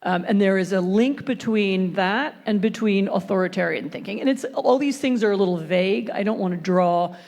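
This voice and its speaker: A woman's voice: mid-range voice, moderate pace, few pauses, a little mellow. A woman speaking on a conference panel, thoughtful and hesitant at first, then building a fluent argument. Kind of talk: panel discussion.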